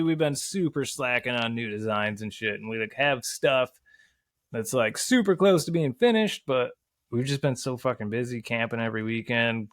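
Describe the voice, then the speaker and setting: Guy rambling and cussing on a podcast, mid pitch, super dry close sound. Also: fairly bright tone, no echo. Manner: rambling and heavily profane; acts out quotes in a voice. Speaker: podcast guest. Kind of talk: casual chat.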